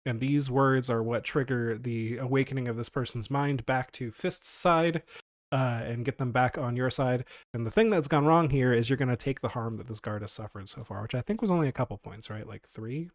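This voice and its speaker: A man runs a tabletop game in an easygoing way, often laughing and restarting his sentences. His voice sits at a middle pitch, and the sound is close and dry with little room in it. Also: moderate pace, no room sound. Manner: casual, laughing, lots of fillers and restarts. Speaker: game master.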